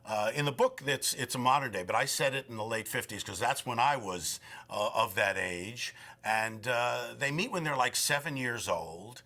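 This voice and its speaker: A man's voice: medium pitch, moderate pace, hardly any pauses, bright, forceful tone. A man in his sixties, a film director, giving rambling, effusive interview answers.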